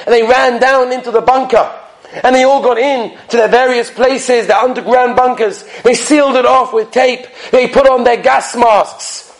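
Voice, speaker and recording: A man giving a storytelling sermon as a rabbi, animated, swinging between loud emphasis and hushed drops, with Yiddish and Hebrew terms mixed in. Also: high voice. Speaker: rabbi giving a Torah talk.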